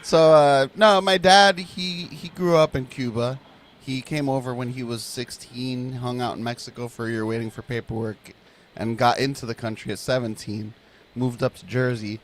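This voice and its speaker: A man from Miami with a slight Hispanic Miami accent, chatting in a relaxed way. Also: mid-range voice, normal speed, slight background noise. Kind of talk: casual chat.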